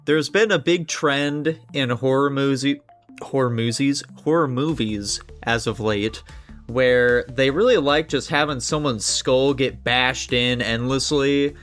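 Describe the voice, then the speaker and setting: A man's voice: mid-range voice, unhurried, a bit bright, faint music behind. Chatty swearing man reviewing a movie. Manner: loose and swearing, lots of "like" fillers. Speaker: podcast co-host. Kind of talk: casual movie review chat.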